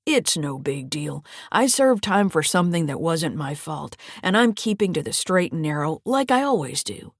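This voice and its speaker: A woman voicing a smooth-talking, menacing old grandfather who speaks low and slow. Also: very animated, dry recording, clean studio sound, full character voice. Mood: dismissive.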